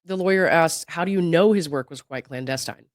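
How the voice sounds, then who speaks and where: A legal commentary channel host, sick and not at his vocal best, reads a deposition transcript aloud. He delivers the quotes evenly, then breaks in with skeptical asides and laughs. His medium-pitched voice is brisk, and the studio-quality recording has no echo.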